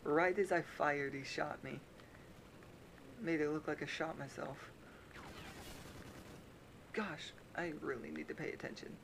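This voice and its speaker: A man's voice: a little high, steady tone, measured pace, gravelly, pauses often, noisy background. A young man casually commenting on his own shooter gameplay, playful and jokey, often slipping into silly voices. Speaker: gaming YouTuber. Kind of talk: casual let's-play commentary.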